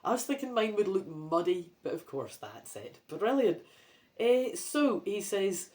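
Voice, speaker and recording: A woman's voice: mid-range voice, sing-song, measured pace, darkish tone. A Scottish woman reading a choose-your-own-adventure book aloud, with playful, self-mocking asides between passages.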